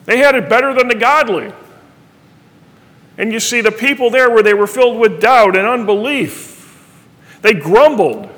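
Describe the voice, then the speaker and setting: A middle-aged man with a high voice preaches an earnest sermon, reading verses aloud and explaining them. His voice rings out with a long reverb in a church hall. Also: expressive, normal speed, a bit bright. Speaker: pastor.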